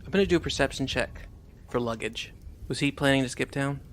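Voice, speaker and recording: A man's voice: medium pitch, fairly quick, slight background noise. A man playing a tabletop game, trading offhand jokes in casual banter. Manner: joking, offhand. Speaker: player.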